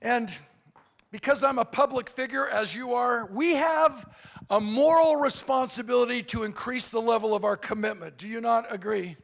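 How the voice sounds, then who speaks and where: A man's voice: very high voice, moderate pace, creaky. A middle-aged man giving a keynote speech as a motivational speaker, telling comic stories and acting out the people in them in quoted voices. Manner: animated, acts out characters in quoted voices. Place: convention hall.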